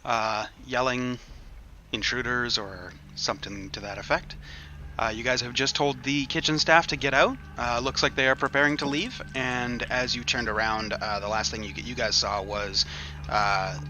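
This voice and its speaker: A man narrating a tabletop game as game master, lively, with quick asides. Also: medium pitch, a little hiss or hum.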